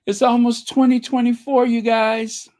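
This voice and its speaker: A woman from a Caribbean island hosting a casual livestream, chatty and excitable as she thanks her viewers. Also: on the high side, normal speed. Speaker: livestream host.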